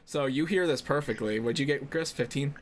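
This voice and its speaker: A man narrating as game master in a tabletop game, talking in a relaxed and hesitant way with many fillers. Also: mid-range voice, fairly quick, a little hiss or hum.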